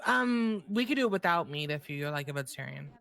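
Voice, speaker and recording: Gravelly, lively-voiced woman. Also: low-pitched, a little fast. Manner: giggly, teasing. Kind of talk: game role-play chat.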